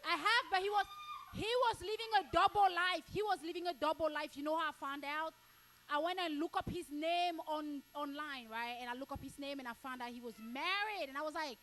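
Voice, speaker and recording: A woman from Cameroon doing stand-up crowd work, blunt and crude, repeating herself and breaking into shouts. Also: high-pitched, a little fast, slight background noise. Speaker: stand-up comedian.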